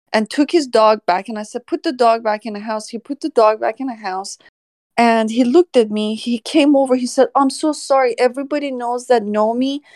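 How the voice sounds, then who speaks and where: On a casual podcast, a woman who works as an animal services officer recounts a story in a high-sitting voice, laughing often along the way. The sound is close and dry, with no echo.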